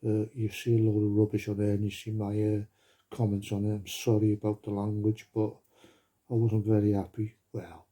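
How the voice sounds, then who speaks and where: A man's voice: fairly low pitch, flat delivery, normal speed, dark tone. A Welsh man, a plasterer, chatting casually to his phone camera with lots of fillers and loose rambling asides. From Wales. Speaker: plasterer vlogger. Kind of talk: casual vlog chat.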